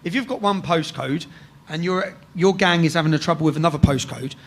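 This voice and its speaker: An English man telling a rough story in casual chat, swearing freely and tagging sentences with "yeah?". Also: on the high side, a little fast, fairly bright tone. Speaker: guest storyteller.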